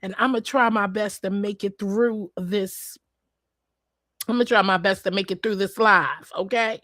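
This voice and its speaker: A woman hosting a casual livestream, hoarse and apologizing for her voice, greeting viewers by name in a chatty, familiar way. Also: mid-range voice, fairly even intonation, unhurried, fairly bright tone, no room sound, studio quality. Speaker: livestream host.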